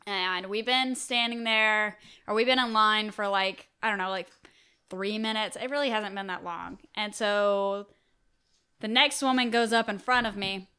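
A young woman co-hosting a casual podcast, telling stories in a blunt, profane, animated way. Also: medium pitch, measured pace, clear, resonant tone. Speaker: podcast co-host. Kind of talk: casual chat.

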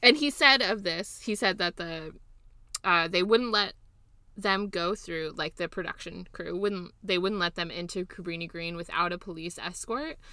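A young woman chats on a podcast with a bright, forward tone, recorded dry and close. She talks quick and sardonic, tossing in swears. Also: lowish voice, no room sound. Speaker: podcast co-host. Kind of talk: casual chat.

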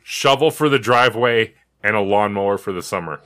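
A man who is a father, chatting as podcast co-host, telling animated, profane stories. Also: fairly low pitch, brisk. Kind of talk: crude casual banter.

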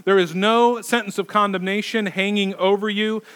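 Emphatic high-voiced male preacher. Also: fairly even intonation, normal speed, fairly bright tone, clear, resonant tone. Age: middle-aged. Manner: emphatic preaching, repeats words for stress. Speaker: pastor. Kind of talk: sermon.

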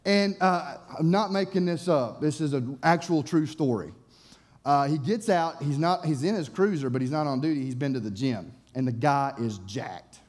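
A young man, a youth pastor, preaching and telling a story with excited, animated delivery and frequent restarts. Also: fairly high pitch. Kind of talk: sermon storytelling.

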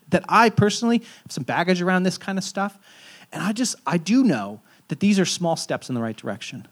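A man delivers a sermon in a chatty, storytelling manner, poking gentle fun at himself. His voice sits a bit higher than most men's. He sounds like a pastor in his thirties talking to his congregation. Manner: conversational, self-deprecating storytelling.

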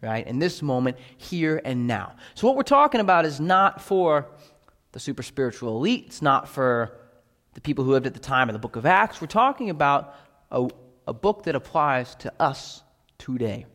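A man's voice: mid-range voice, very animated, normal speed, fairly bright tone, in a large hall. A man preaching a sermon with emphasis, often checking in with the congregation with "right?". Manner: emphatic, repeatedly asking "right?". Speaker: pastor.

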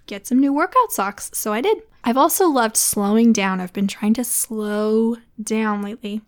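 Upbeat mom podcast host, slightly high voice. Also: female voice. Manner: warm, encouraging, chatty with laughs. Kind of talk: casual solo podcast talk.

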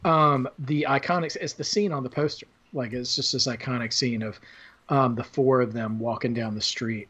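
A man's voice: mid-range voice, steady tone, moderate pace, a bit bright, breathy edge. A man hosting a podcast, talking about films in a casual, rambling way with lots of fillers and restarts. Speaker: podcast host. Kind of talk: casual film discussion.

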